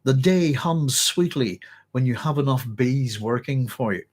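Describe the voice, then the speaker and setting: A hoarse man reading the lines of a gloating, scheming baron, hushed and slow. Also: medium pitch, animated. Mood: smug.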